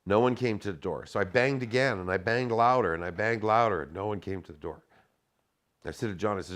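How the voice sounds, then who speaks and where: A man's voice: deep voice, a little fast, fairly bright tone. A middle-aged man telling a story in casual speech, swearing often and acting out the dialogue in a raised voice.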